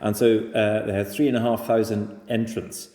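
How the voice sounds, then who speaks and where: A man's voice: on the low side, little pitch movement, moderate pace, roomy sound, long reverb tail, a crowd in the background. A man with a strong Dumfries and Galloway Scottish accent, chatting as a podcast guest in a musing, self-deprecating way that trails off and restarts. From Dumfries and Galloway, Scotland. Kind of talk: casual chat.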